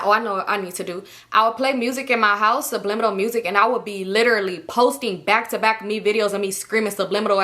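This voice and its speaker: Bright-voiced young woman telling a story. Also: medium pitch. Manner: animated, profane, acts out her own past texts and thoughts. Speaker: storytime vlogger. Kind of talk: casual storytelling to viewers.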